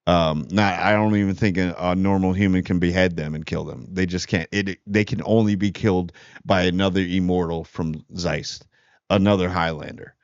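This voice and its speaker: A man's voice: sits low, steady tone, moderate pace, dry recording. A man hosting a movie channel, talking casually and rambling, often restarting and correcting himself mid-sentence. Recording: dull lo-fi dry sound.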